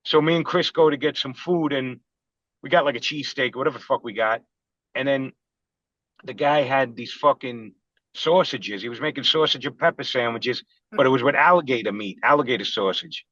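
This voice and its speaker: A man's voice: mid-range voice, a little fast, fairly bright tone, no echo. A man from Queens, a podcast guest telling rambling, profane anecdotes in casual chat. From Queens, New York. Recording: dull, dry lo-fi sound.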